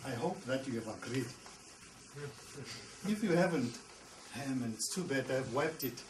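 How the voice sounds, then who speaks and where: A man's voice: mid-range voice, lively intonation, unhurried, background noise. A man, a pastor, teaching a Bible class. He repeats and restarts words and asks the class questions. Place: classroom with a board.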